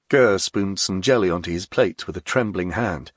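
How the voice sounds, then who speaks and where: A man narrating an audiobook in an expressive storytelling manner. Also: low-pitched, normal speed, few pauses, dry recording, studio quality. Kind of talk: scripted narration.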